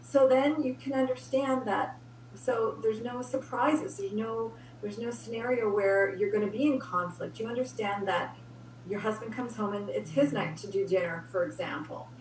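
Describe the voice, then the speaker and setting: Lively woman giving advice in an echoey room. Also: fairly high pitch, moderate pace. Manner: energetic, acts out example dialogue. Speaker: guest giving relationship advice. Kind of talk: casual conversation. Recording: roomy, distant mic with faint hum.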